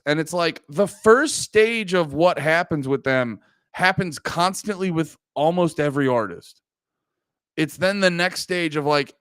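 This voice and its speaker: A man's voice: on the high side, no room sound, studio quality. A young man talking casually as a podcast host, rambling and swearing, often cutting himself off and laughing. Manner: profane, rambling, self-interrupting, laughs often.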